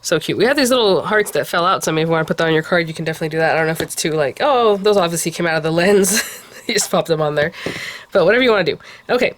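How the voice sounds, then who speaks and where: A woman hosting a card-making tutorial, talking casually and often cooing softly over how cute the pieces are. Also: sits low, expressive, racing. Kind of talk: casual crafting tutorial talk.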